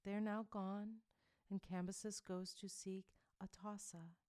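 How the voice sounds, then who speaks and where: A woman voicing a young female priestess who answers in a halting trance. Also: medium pitch, level tone, a little mellow, voice pushed up, lightly acted. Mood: entranced.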